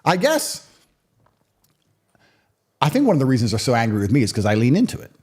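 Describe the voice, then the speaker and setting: A man's voice: mid-range voice, wildly swooping pitch, brisk, darkish tone, slightly rough. A man in his thirties, a guest in a sit-down interview, telling stories and giving opinions in a blunt, provocative, emphatic way. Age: 30s. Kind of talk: conversational storytelling and opinion.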